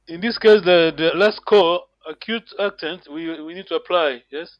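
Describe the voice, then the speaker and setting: A man's voice: high voice, a little slow, hardly any pauses, dry recording, lo-fi sound. A man teaching an online language lesson, patiently repeating phrases for his students to copy.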